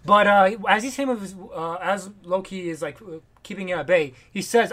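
A man co-hosting a podcast, retelling a comic story in casual chat, animated and profane with lots of fillers. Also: high voice, normal speed, hardly any pauses. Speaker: podcast co-host.

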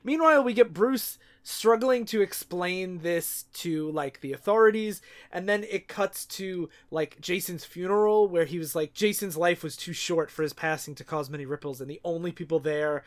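A man's voice: high voice, moderate pace, hardly any pauses. A man casually retelling comic scenes and quoting the characters. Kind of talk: casual comic book discussion.

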